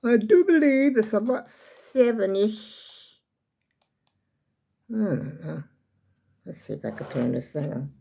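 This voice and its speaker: A woman's voice: mid-range voice, expressive, slow, vocal fry, pauses often, warm tone, breathy edge, dull audio. An older woman vlogging from her home kitchen, chatting in a meandering way straight to her viewers and sounding a little out of breath. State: slightly out of breath. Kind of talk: casual rambling vlog chat.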